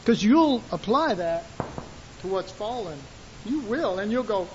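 A man preaches with a strikingly high voice, switching into dramatic voices to play out scenes. The recording is muffled and lo-fi, with a faint hiss underneath. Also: a little slow. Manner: animated, acts out voices of God and listeners. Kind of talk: sermon. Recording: dull, hissy lo-fi recording.

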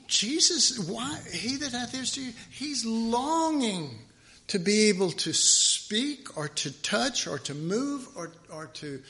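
A man's voice: high-pitched, vocal fry, bright, forceful tone. A man preaching a sermon in a rambling, conversational way, restarting his sentences often.

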